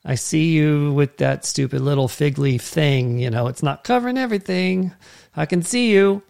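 A man doing a high singsong teasing dad. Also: normal speed, vocal fry, a little mellow, clean tone. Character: playful father teasing hiding toddler.

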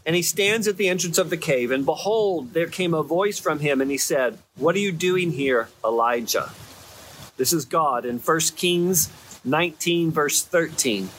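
A man's voice: a little high, moderate pace, a bit bright, a little hiss or hum. A man preaching a sermon in a conversational, rambling way, often checking in with his listeners.

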